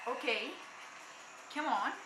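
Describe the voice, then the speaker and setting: A young woman reacting to a TV episode, excitably talking back at the screen and addressing her viewers. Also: high voice, slow pace, reverberant, noisy background. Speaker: reaction vlogger. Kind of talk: casual reaction commentary.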